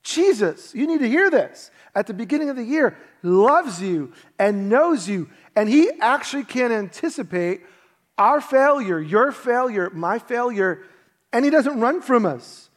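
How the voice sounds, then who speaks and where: A man preaching a sermon as pastor, telling stories in an animated way and acting out the quotes he tells. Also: extremely high pitch, unhurried.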